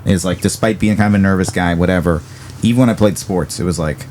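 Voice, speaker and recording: A young man from Virginia, a comedian guest telling a story in a casual interview, animated and acting out the people he quotes. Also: low-pitched, fast, slight background noise.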